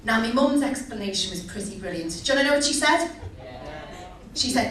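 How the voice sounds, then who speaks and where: Cheeky scouse girl doing stand-up, high voice, sounds far off in an echoey room. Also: expressive, a little fast, bright, forceful tone, slight background noise. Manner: chatty, cheeky, asks the crowd questions. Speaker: stand-up comedian. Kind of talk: stand-up comedy set. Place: comedy venue. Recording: echoey venue, distant mic.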